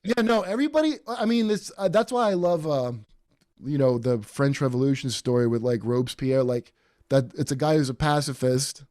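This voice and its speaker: A man hosting a podcast in casual chat, rambling and animated with many fillers and restarts. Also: mid-range voice, normal speed, no room sound, clean studio sound. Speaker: podcast host.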